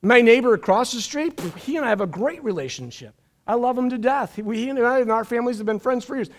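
A middle-aged man preaches from a church stage in a fairly high voice. He is animated, stumbles over repeated words and drops jokey asides between points of the sermon. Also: fast talker. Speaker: pastor. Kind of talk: live-streamed sermon.

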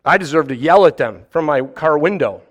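Animated man preaching. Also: a little high, normal speed. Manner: animated, mock voices and rhetorical questions. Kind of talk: sermon.

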